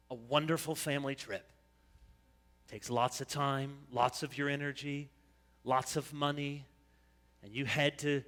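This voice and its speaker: A man preaching a sermon as pastor, animated, dropping into high whiny voices to mimic complainers. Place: church sanctuary. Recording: long church hall reverb.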